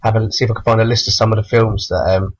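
A man's voice: on the low side, steady tone, racing, dull audio. A man from England leaving a recorded call-in message for a podcast, laid-back and hesitant with many ums and casual swearing. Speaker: caller leaving a voicemail.

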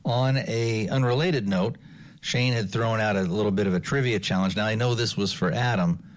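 A man's voice: on the low side, normal speed. A man co-hosting a podcast, setting up bits in casual chat with a dry, wry delivery. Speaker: podcast co-host.

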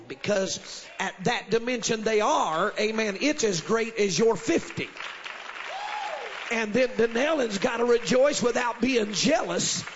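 A man preaching a sermon to a congregation, dropping frequent amens and rising to shouted refrains. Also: high-pitched, lo-fi sound. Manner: builds to shouted call-and-response, sprinkles amen. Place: church service with congregation.

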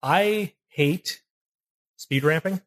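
A man's voice: a little high, extremely slow, fairly bright tone. A man co-hosting a casual film podcast, rambling and restarting as he explains camera technique. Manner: rambling, self-correcting, explains technical detail. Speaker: podcast co-host. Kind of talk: casual chat. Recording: poor audio, uneven levels.

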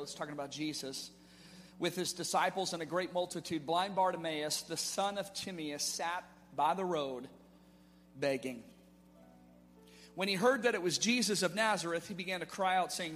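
A man's voice: a little high, normal speed, fairly bright tone, soft background music. A man pastor preaching a sermon in emphatic style, calling out to his congregation in a church sanctuary. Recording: long reverb of a church hall.

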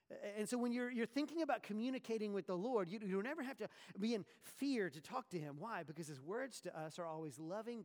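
A man preaching a sermon, animated and full of rhetorical questions and sarcastic asides. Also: sits high, big-room sound. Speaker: pastor.

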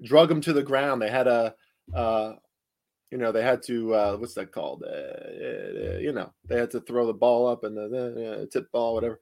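A man's voice: mid-range voice, animated, normal speed, vocal fry, a little mellow. A man with a New Jersey accent hosting a solo sports betting podcast, talking emphatically with rhetorical questions and fillers.

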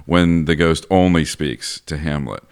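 Casting: man, very low smooth voice, chatty co-host talking plays. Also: a little slow. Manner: animated, thinks aloud with restarts and laughs. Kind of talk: casual literary discussion.

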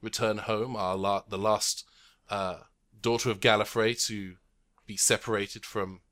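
A man voicing a cold, dismissive male Time Lord official in a tabletop game, formal with halting restarts. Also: on the low side, level tone, a bit bright. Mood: stern.

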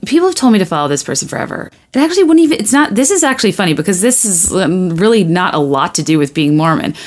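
A chatty woman talking solo on her podcast, her voice in an ordinary middle register. She rambles through quick asides and restarts, often laughing at herself in a self-deprecating way. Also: mid-range voice, a little mellow. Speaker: podcast host. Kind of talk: casual monologue.

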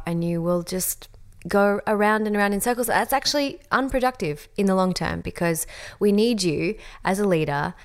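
An Australian woman in her thirties speaks in an earnest, conversational motivational style. Her voice sits a little low for a woman, and she talks to listeners as friends, drawing on stories from her own life. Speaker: speaker on calm and leadership. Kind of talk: motivational talk.

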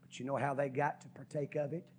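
A man preaching a sermon, folksy and dramatic, swinging from shouts to whispers and stretching out key words. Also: mid-range voice, level tone. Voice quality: husky. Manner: preaching with sudden shouts and drops to a whisper, folksy, drawn-out stresses. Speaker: pastor.

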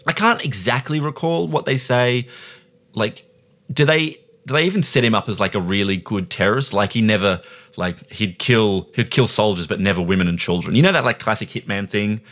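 Lowish-voiced guy rambling about movies, jokey, lots of like and you know. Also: brisk, fairly bright tone. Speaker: film podcast co-host. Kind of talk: casual film discussion.

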